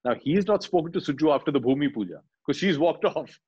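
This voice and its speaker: A man, animatedly retelling film scenes in an interview and quietly acting out the lines. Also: on the high side, quick pace, breathy edge, lo-fi sound. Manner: animated storyteller, acts out dialogue lines quietly. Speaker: actor, interview guest.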